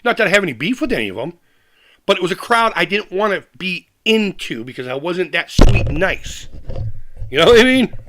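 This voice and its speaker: A man's voice: sits high, very animated, a little fast, a bit bright. A man on a live stream, angrily ranting with heavy swearing, repeating himself and restarting sentences. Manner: angry, profane, fired-up. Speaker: retro gaming YouTuber.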